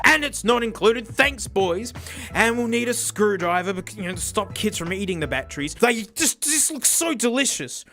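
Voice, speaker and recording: A sarcastic young man tears through a comedic unboxing, his voice high and bright. He's animated, quick to shout and laugh, with faint music playing beneath him. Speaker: tech reviewer.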